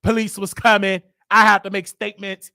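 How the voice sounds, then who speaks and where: A man's voice: high voice, flat delivery, brisk, creaky, sharp tone, no echo, clean studio sound. A man from Chicago hosting his own show, telling a personal story in a casual, emphatic way and repeating lines for effect. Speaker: show host.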